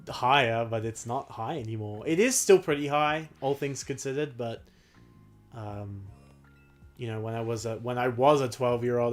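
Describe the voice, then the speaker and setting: Rambling man streaming casually. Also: mid-range voice. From Australia. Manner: rambling, self-deprecating, laughs often. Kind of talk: casual livestream chat while gaming.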